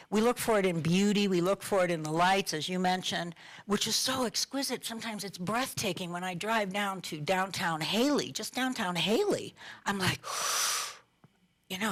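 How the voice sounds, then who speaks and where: A woman's voice: fairly low pitch, fairly bright tone. A middle-aged woman minister giving a conversational sermon, asking her listeners questions and laughing lightly now and then. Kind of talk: informal sermon talk.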